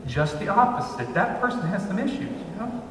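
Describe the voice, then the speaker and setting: A man preaching a sermon as pastor, measured, slowing down to stress scripture lines. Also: high-pitched, animated, a little hiss or hum. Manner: measured, with slow emphatic pauses on scripture. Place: church sanctuary. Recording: roomy church hall from far off.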